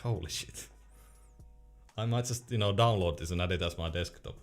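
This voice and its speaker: Brief: young man, deep voice, relaxed livestream chatter with soft music underneath. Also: normal speed. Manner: laid-back, laughs often, trails off and restarts. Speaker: streamer. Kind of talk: casual livestream chat, reading out chat questions.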